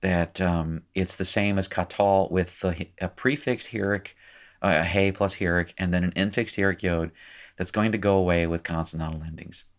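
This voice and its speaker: Low-voiced man teaching a recorded lesson. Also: steady tone, normal speed. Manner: casual, thinks aloud with fillers and self-corrections. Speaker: language teacher. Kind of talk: recorded lecture at a whiteboard.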